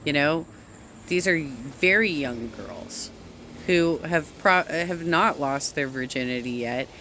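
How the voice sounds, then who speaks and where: Slow-talking bright female true crime commentator. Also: low voice, slight background noise. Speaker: video commentator.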